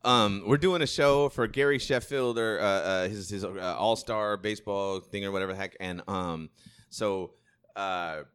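A man's voice: fairly low pitch, steady tone, moderate pace, a bit bright, smooth. A man in his forties from Sacramento, telling slangy stories on a podcast and laughing through them. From Sacramento, California. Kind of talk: casual storytelling chat.

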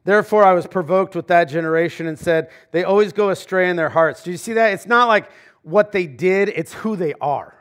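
A male pastor preaching a sermon in a church, talking to the congregation conversationally, swinging between loud emphasis and quiet asides. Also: high voice, a little fast, hardly any pauses. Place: church sanctuary.

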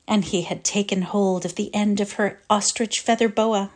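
A woman reading a classic short story aloud with measured, expressive storytelling. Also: medium pitch. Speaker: reader.

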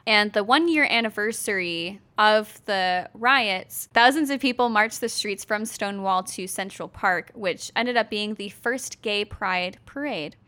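Bright-voiced woman casually telling history. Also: mid-range voice, measured pace, hardly any pauses. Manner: laid-back, fillers and laughs, swears casually. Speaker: podcast co-host.

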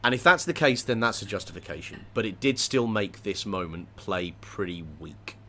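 A man in casual discussion, thinking aloud with many pauses, fillers and restarts. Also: fairly low pitch, expressive, pushed and bright, slight background noise.

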